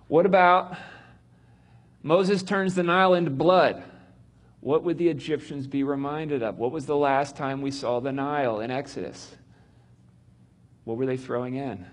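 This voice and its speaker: Middle-aged male Bible teacher, husky, animated, acts out the quotes. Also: mid-range voice, unhurried, long pauses. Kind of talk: animated teaching on reading Scripture.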